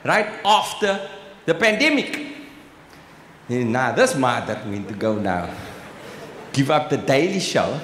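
On stage in a large exhibition hall, a Cape Town man with a South African accent performs live stand-up, chatty and often asking "right?" while tossing in "bruh." His mid-range, slightly bright voice is very animated and unhurried with long pauses. The hall sounds echoey, with faint ambience and a little hiss or hum.

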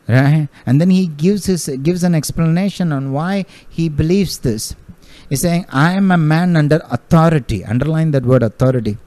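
A male preacher delivering a sermon with a warm, mellow voice. He speaks emphatically, repeating key phrases and calling out hallelujah. The sound is dry and close, with no room echo. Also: a little high, normal speed.

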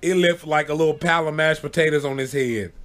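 A young man telling a childhood story in a relaxed, rambling vlog style, often checking in with "you know what I'm saying" and breaking into laughter. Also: fairly high pitch, quick pace. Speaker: vlogger. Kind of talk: casual storytelling.

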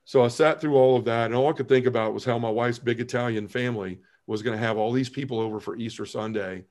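A man, a podcast guest telling his personal conversion story in an earnest, halting way, often restarting his phrases and dropping his voice at heavy moments. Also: steady tone, a little mellow. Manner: earnest storytelling, halting restarts, drops low when emotional.

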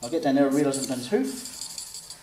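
A man's voice: medium pitch, expressive, brisk, dark tone, soft background music. A man, an author and illustrator, chatting through a step-by-step drawing demonstration and acting out children's replies. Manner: chatty, explains step by step, acts out kids' replies. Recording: roomy sound, mic at a distance, faint background noise.

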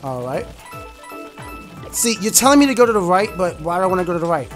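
A man gives let's play commentary on a video game in a slightly high, chatty voice. He is excitable, bursts into shouts and half-sung lines when thrilled, and faint game music plays underneath. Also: quick pace. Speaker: gaming YouTuber.

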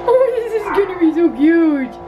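A woman's voice: very high voice, expressive, moderate pace, dull audio, over music. A woman vlogging casually with a gushing, giggly enthusiasm, first at home and then from her car. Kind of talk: casual vlog chat.

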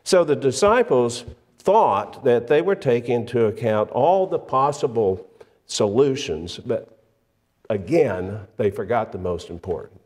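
A man preaching a sermon, measured and emphatic, often pausing on fillers and restarting his phrases. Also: medium pitch, animated, a little mellow. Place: church sanctuary. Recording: long church reverb.

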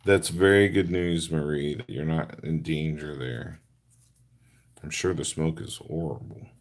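A man with an extremely deep, gravelly voice hosts a crafting livestream. He talks slowly and earnestly, narrating each step and replying to viewers by name. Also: steady tone. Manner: chatty, answers viewer comments by name; talks through his hands-on steps. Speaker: card-making livestream host. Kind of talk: casual livestream chat while crafting.

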